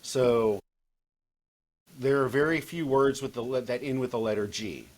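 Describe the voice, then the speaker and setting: A man's voice: medium pitch, a little slow, darkish tone. Guy rambling on a podcast, lots of restarts, ordinary mid voice. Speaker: guest author. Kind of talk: casual podcast chat.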